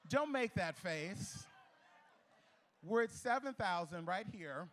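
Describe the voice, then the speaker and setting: A man calling bids at a charity gala auction, playful and teasing with bidders, repeating the bids in quick patter. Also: sits high, lively intonation, a bit bright. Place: gala ballroom.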